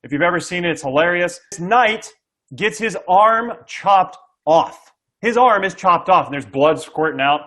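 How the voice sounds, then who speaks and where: A man's voice: high voice, animated, normal speed, fairly bright tone. A middle-aged man, a sales coach, explaining sales tactics to an interviewer with energy, acting out buyer dialogue and often checking in with "okay?". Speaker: SaaS sales coach, guest.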